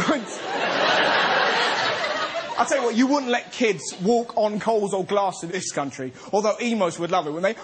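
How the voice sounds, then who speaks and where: A man hosting a comedy show, delivering an excitable, playful stand-up monologue. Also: high-pitched, normal speed, over a noisy crowd, very noisy. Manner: excitable, playful, bursts into silly voices. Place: TV studio stage. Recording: studio audience laughter.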